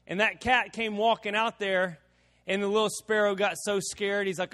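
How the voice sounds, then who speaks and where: A man preaching a sermon, telling a homespun story with repeated words and slow, drawn-out emphasis. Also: sits high, fairly even intonation, sharp tone, in a large hall. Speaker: pastor.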